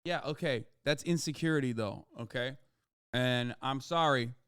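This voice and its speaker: A man's voice: mid-range voice, moderate pace, smooth, no echo, clean studio sound. Sarcastic, profane male streamer ranting. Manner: animated, with frequent restarts and emphatic asides. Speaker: livestreamer. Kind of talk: casual livestream rant to chat.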